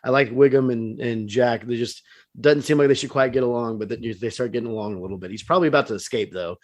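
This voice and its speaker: A man's voice: mid-range voice, fast, darkish tone. Playful man co-hosting a podcast. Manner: playful, joking. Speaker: podcast co-host. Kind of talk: casual review chat.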